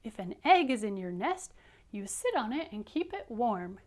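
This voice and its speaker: A woman voicing a kindly male father bird in a picture-book read-aloud, speaking earnestly and a little louder than her narration. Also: a little high, big pitch swings, normal speed.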